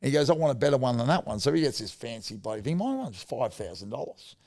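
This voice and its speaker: Podcast guest: middle-aged Australian man, gravelly mid-range voice, casual rambling yarns. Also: mid-range voice, expressive, fast, darkish tone. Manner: blokey, rambling anecdotes with mild swearing. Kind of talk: casual storytelling.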